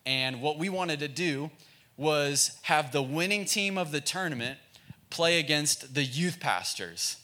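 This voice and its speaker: A man's voice: on the high side, expressive, measured pace, bright, forceful tone. A man playing an enthusiastic male youth pastor friend in a sermon story, talking him up with a raised, persuasive voice. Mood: eager. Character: eager upbeat male youth pastor buddy.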